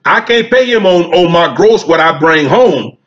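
Man, folksy drawling storyteller, slightly high voice, muffled dull recording. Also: expressive, measured pace, fairly bright tone. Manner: folksy, drawling Southern storytelling with quoted dialogue. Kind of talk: storytelling stand-up monologue.

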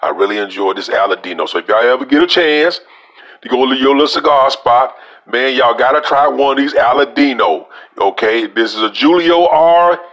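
A man's voice: mid-range voice, animated, brisk, a bit bright, highs cut off. A man with a Louisiana accent giving a casual cigar review, talking folksy and straight to his viewers as y'all.

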